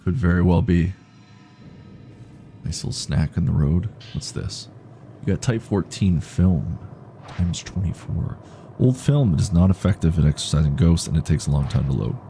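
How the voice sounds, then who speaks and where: Male gaming streamer, deep dark voice, reads text aloud with dry humor. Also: lively intonation, moderate pace, a little hiss or hum. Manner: dry, joking asides to chat. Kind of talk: live gameplay commentary, reading game text aloud.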